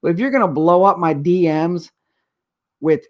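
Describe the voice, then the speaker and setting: A man's voice: high voice, animated, measured pace. A middle-aged man hosting a live stream, ranting in an agitated, rambling way. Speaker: show host. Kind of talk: casual live-stream rant.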